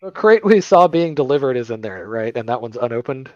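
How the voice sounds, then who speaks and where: A man's voice: medium pitch, expressive, fairly quick, a little mellow, dry recording. Male player, dry wit, lo-fi dead-dry mic. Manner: dry, wry remarks. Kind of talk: tabletop game play.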